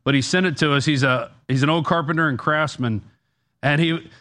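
A male news director explains something on the air in a casual way. He hesitates and restarts often. His voice sits slightly high. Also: brisk, sharp tone.

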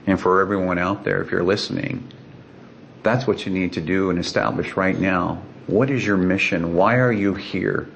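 Deep gravelly man telling his story. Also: fairly even intonation, normal speed, a little hiss or hum. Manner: earnest, dramatic retelling with quoted voices. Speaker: guest. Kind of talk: personal storytelling.

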